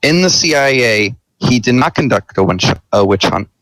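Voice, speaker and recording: A man's voice: mid-range voice, expressive, moderate pace, a bit bright, slight background noise, poor audio. A man playing an attorney general in a mock senate debate, speaking firmly and insistently. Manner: firm, insistent, defending a nominee. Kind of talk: role-played parliamentary debate.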